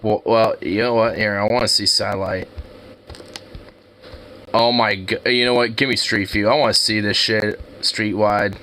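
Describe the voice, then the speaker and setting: A man giving casual, excitable commentary while browsing street view, slangy and laughing often. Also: lowish voice, moderate pace, slight background noise. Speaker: streamer.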